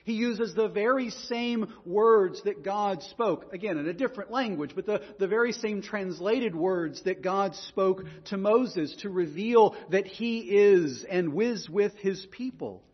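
A man's voice: sits high, a little slow, hardly any pauses, husky, big-room sound, highs cut off. A man preaching a sermon in an earnest way, often repeating words as he goes. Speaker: pastor.

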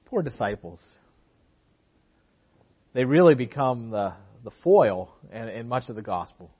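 A man's voice: mid-range voice, sing-song, measured pace, slightly rough, highs cut off. A man preaching a sermon, earnest, often repeating words for emphasis.

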